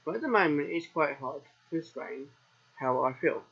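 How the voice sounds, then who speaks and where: A man's voice: on the high side, expressive, moderate pace, husky. A man with a southern English accent, chatting and rambling straight to viewers as he streams a farming game. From England. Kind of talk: casual let's play commentary. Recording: dull lo-fi recording.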